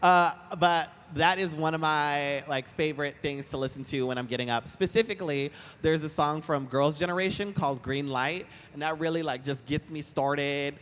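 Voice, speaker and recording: A young man chatting as an interview guest on a convention stage, animated and quick to laugh, telling his stories with lively put-on voices. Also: on the high side. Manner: animated, giggly, lively storytelling. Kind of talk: casual chat on stage. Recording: roomy hall with faint ambience.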